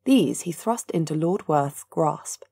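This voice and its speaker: Low, gravelly woman narrating. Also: animated, slow pace, mellow, no echo, clean studio sound. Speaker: audiobook narrator. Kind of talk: scripted narration.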